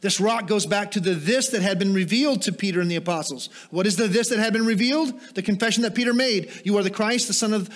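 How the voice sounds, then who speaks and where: High-voiced man preaching a sermon. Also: fast talker, few pauses. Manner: rhetorical questions, shifts from rising fervor to quiet teaching asides. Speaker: pastor.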